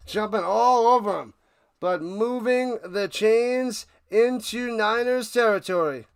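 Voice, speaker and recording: A man hosting a live watch party, calling plays casually and chatting with viewers, bursting into loud hype on big plays. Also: high-pitched, moderate pace, clean tone. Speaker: watch party play-by-play host. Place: home room, his man cave.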